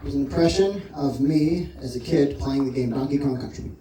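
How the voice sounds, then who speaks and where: Male stand-up, excitable and rambling, echoey live club room. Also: medium pitch, moderate pace, recorded from a distance, very noisy. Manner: rambling, excitable, bursts into shouted act-outs. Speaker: stand-up comedian. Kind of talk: stand-up comedy set. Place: comedy club stage. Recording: roomy live club, off-mic, crowd laughter.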